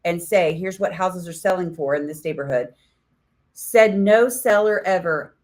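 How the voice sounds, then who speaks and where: A woman, a realtor, co-hosting a casual podcast chat with quick, animated interjections. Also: lowish voice.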